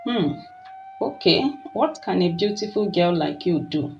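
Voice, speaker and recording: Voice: medium pitch, sing-song, measured pace, vocal fry, a bit bright, highs cut off, soft background music, pitched above the performer's own voice, full character voice. A storyteller voicing a stern, suspicious middle-aged woman who owns a restaurant, talking in a questioning, warning way.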